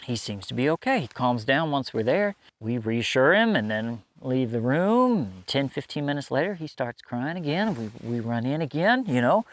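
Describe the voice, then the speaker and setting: A man's voice: medium pitch, sing-song, normal speed, hardly any pauses. A middle-aged man telling a personal story in a casual, conversational way, laughing often and restarting his sentences.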